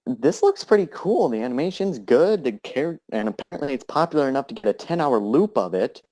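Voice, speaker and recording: A man in a casual group voice chat telling how he became a fan, relaxed, with fillers, acting out his own thoughts. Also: a little high, brisk. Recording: voice chat over headset mic.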